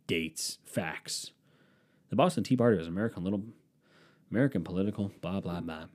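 A man's voice: sits low, a little fast, darkish tone. A man from the Cleveland area riffing in a casual, profane, sarcastic monologue. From Cleveland, Ohio area.

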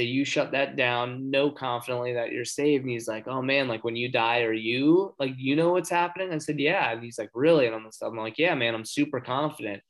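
Guy rambling thru a story, lots of likes and restarts, earnest, gets fired up. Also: mid-range voice. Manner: earnest, excitable when talking faith; rambling with many fillers and restarts. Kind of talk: casual storytelling chat.

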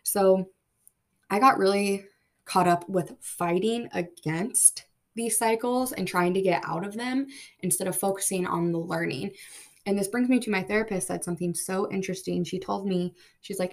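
Earnest woman with a creaky voice. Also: mid-range voice, normal speed. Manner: emotional, earnest, many fillers. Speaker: podcast host. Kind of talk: personal storytelling podcast.

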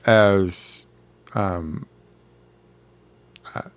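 A man co-hosting a casual chat, joking in an unhurried way. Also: low voice, clean tone, no room sound. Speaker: podcast co-host.

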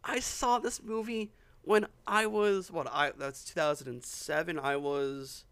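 A man's voice: on the high side, fairly even intonation, unhurried, a bit bright, clear, resonant tone, dry recording. A man in his twenties co-hosting a casual chat, tired, stammering and laughing often. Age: 20s. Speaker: podcast co-host.

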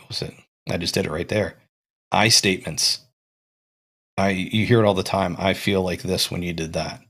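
A man's voice: on the low side, a bit bright. A young man hosting a casual podcast, thinking aloud as he talks, with frequent restarts and fillers. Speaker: podcast host.

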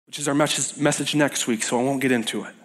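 A man's voice: mid-range voice, fast. A young adult man preaching a sermon to a youth group, telling stories and acting out the voices he quotes. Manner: animated storytelling, acts out quoted voices.

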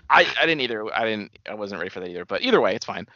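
Animated man chatting casually, lo-fi sound. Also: fairly low pitch, fast talker, no echo. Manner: animated, rambling, laughs often. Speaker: podcast co-host. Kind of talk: casual chat about movies.

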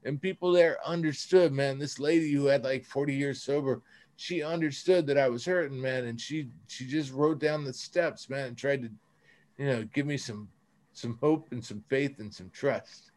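A man's voice: mid-range voice, moderate pace, darkish tone. A man telling his own recovery story on a podcast, earnest and casual, often dropping "man".

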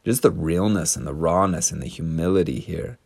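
A man's voice: low voice, brisk, vocal fry, darkish tone, slightly rough, no echo. A man teaching a casual scripture lesson, retelling the story with chatty, slangy asides.

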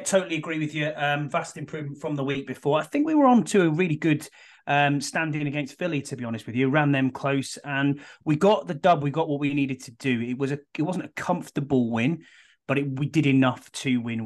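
Brief: guest, mid-range voice, easygoing. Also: male voice, mid-range voice, a little fast. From Britain. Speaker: guest podcaster. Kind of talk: casual sports podcast chat.

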